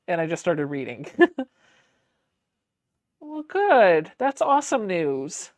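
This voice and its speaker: A woman's voice: medium pitch, very animated, measured pace, long pauses. A chatty woman talks casually through a sewing livestream in a mid-range voice. She reads viewer comments aloud, answers them and laughs often. Her voice sounds close and dry, with no room echo. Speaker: quilting livestream host.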